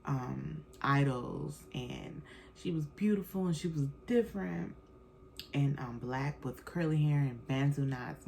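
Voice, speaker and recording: A woman in her thirties hosts her own podcast, chatting loosely and casually with plenty of fillers and slang. Her voice is very deep, gravelly, and darkish, and the poor audio carries a little hiss or hum.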